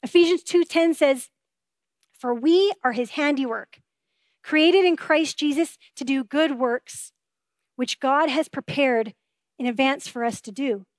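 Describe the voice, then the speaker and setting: A woman preaching a sermon with a high, clear voice, earnest and conversational, often turning to rhetorical questions. The sound is close and dry, with no room around it. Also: a little slow, no room sound. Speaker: pastor.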